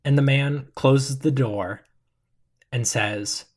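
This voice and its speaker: Slow, measured male game master. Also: mid-range voice. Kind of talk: narrating a tabletop game.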